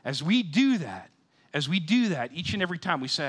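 A man in his fifties preaching a sermon, animated, swinging between loud excited bursts and quiet, sober scripture readings. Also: fairly high pitch, a little fast, husky. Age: 50s. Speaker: pastor.

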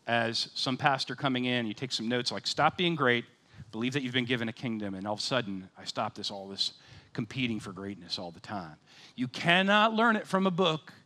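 A man in his fifties preaching a sermon, animated, swinging between loud excited bursts and quiet, sober scripture readings. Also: mid-range voice. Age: 50s. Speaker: pastor.

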